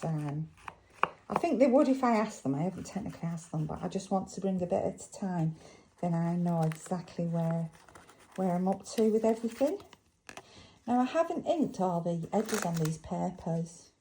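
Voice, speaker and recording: A woman's voice: lowish voice, expressive, normal speed, mellow, a little hiss or hum, poor audio. A woman with a Lancashire accent chatting casually at her craft table, thinking aloud and asking viewers questions as she works. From England. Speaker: crafting vlogger. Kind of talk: casual chat while crafting.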